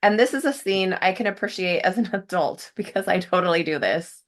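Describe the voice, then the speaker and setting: Woman host recapping, animated. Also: mid-range voice, fairly quick. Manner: animated storytelling, laughs often. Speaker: podcast host. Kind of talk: recap commentary.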